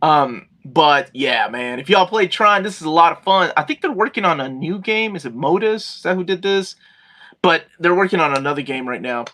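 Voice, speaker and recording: Bright, animated middle-aged man. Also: a little high, moderate pace. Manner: animated, acts out yelling at friends. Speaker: podcast co-host. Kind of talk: casual chat.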